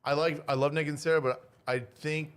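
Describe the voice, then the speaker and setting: A man's voice: a little high, fairly even intonation, moderate pace, fairly bright tone, clean tone. A man co-hosting a casual podcast in a small studio, talking bluntly and swearing freely. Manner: blunt and profane. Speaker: podcast co-host. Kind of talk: casual banter.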